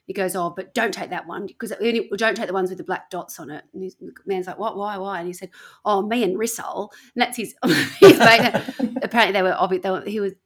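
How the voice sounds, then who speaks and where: A woman's voice: medium pitch, fast talker. A woman with an Australian accent co-hosting a casual podcast, telling stories with lots of giggling. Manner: chatty, giggly storyteller. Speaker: co-host. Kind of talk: casual chat.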